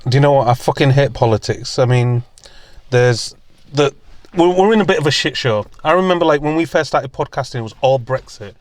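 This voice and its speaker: A man's voice: medium pitch, expressive, fairly quick, dry recording. A man co-hosting a podcast from a car, bantering casually with plenty of swearing. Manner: swearing, jokey, puts on voices for quotes. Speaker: podcast co-host. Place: in a parked car.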